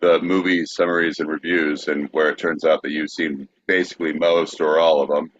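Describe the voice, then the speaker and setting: Deep husky guy on a podcast, kinda muffled lo-fi sound, dry and steady. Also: normal speed, a little hiss or hum. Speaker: podcast co-host. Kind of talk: casual podcast chat. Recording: dull lo-fi audio.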